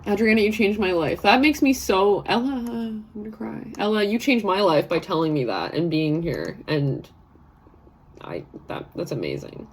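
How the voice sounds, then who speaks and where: A woman's voice: mid-range voice, big pitch swings, normal speed, slight background noise. A woman in her thirties hosting a live stream, chatting casually and rambling, laughing often and reading viewer comments aloud. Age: 30s. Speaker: live session host.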